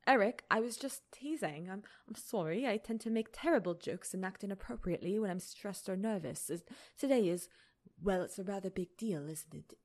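A woman voicing a polite, gentle young man who grows nervous under pressure, speaking softly and apologetically. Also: mid-range voice, brisk, natural voice. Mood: apologetic. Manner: soft, apologetic and courteous.

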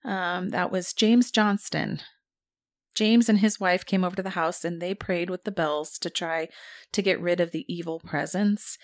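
A woman's voice: on the low side, steady tone, measured pace. Laughing woman telling a ghost story. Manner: narrates a spooky tale casually, laughs often. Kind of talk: casual storytelling chat.

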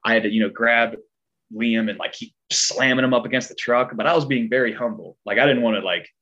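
A man working as a stunt performer tells a long story in casual chat, animated and rambling, with a twang in his speech. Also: medium pitch, a little fast, muffled recording. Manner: animated, rambling, heavy filler words.

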